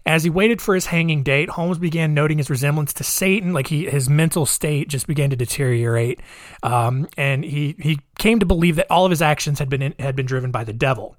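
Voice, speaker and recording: A man's voice: a little high, fairly quick, no room sound. A man casually retelling a true-crime story, hesitant and wry, with many restarts. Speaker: podcast storyteller.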